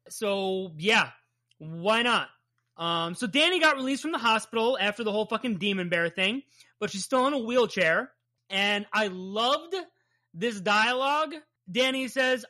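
A comic book podcast host in her thirties talks through a comic's recap with casual enthusiasm and lots of swearing. Her slightly high voice sounds bright and forceful.

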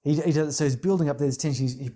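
Guy with a mellow dark voice talking through a movie, thoughtful. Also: fairly high pitch, racing. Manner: thoughtful, quotes lines in a flat even voice. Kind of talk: casual film discussion.

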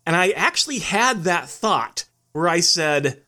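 A man's voice: high-pitched, very animated, a little slow, pushed and bright. A man co-hosting a podcast in casual chat, teasing dryly and often restarting his sentences. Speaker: podcast co-host.

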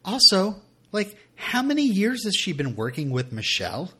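Podcast co-host, male, chatty and rambling; lively pitch swings. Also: normal speed, slightly rough. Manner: rambling, animated, many fillers. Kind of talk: casual TV recap chat.

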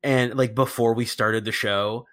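A man's voice: medium pitch, steady tone, measured pace, fairly bright tone. A man co-hosting a casual podcast, rambling with lots of fillers and restarts. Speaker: podcast co-host. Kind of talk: casual chat.

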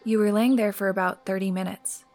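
A woman's voice: medium pitch, faint music behind. A woman acting a friend in an audio drama, emotional and accusing. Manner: emotional, accusing, then flat and slow. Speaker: character Erin.

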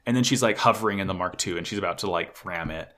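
A man excitedly recapping an anime episode in casual chat, swearing often and gushing like a fan. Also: low-pitched, fast talker.

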